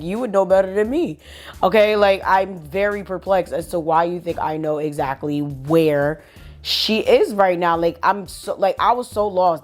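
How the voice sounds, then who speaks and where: A woman vlogger telling a story in an animated, profane way, with laughing asides. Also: mid-range voice. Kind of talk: storytime vlog.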